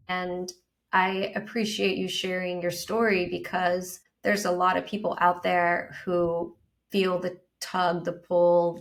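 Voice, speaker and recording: Affirming woman coach, lower voice. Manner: tender, affirming, speaks in flowing lists. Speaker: transformational coach. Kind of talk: warm conversational interview.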